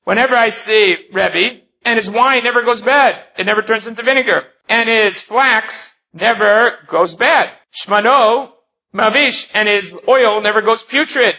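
A man's voice: high-pitched, a little slow, pushed and bright. A man teaching a Talmud lesson, reading the Hebrew and Aramaic text aloud and then explaining it in English. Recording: dull lo-fi recording.

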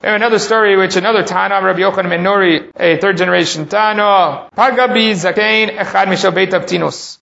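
A man's voice: high-pitched, gravelly, a bit bright, reverberant, muffled recording. A man teaching a Talmud lesson, reading Hebrew passages aloud and then translating and explaining them line by line. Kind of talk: text-study lesson.

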